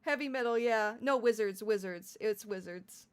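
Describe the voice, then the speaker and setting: Young adult female streamer, slightly high voice; loose, giggly, rambling live chat. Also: normal speed, clean tone. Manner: giggly, rambling, laughs often. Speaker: VTuber streamer.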